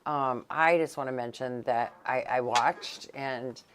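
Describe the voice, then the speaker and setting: A woman's voice: rumbling low, a little slow, a little hiss or hum. A woman co-hosting a casual local news chat, rambling with many fillers and restarts in a blunt, teasing way. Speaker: co-host.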